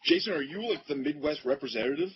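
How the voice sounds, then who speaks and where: A man's voice: on the high side, expressive, fast talker, a loud crowd. A man hosting a casual group interview, teasing his guests and cracking jokes. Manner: joking, teasing. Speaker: interview host. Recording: muffled, with background noise.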